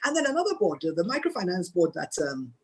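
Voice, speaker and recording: A Nigerian woman speaking as a guest on a mentoring video call, telling lively stories and acting out the dialogue. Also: on the low side, fast, breathy edge. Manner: animated storytelling, acts out dialogue. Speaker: guest speaker and board chair.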